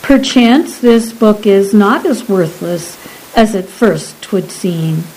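A woman's voice: medium pitch, animated, takes it slowly, a little mellow, a little hiss or hum, rough recording. A woman reading a stern Elizabethan conjurer. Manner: archaic speech, commanding. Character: Elizabethan man, an astrologer-conjurer, stern and suspicious.

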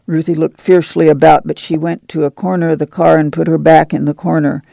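A man narrating an audiobook in a measured, even storytelling manner. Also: a little high, creaky, no echo.

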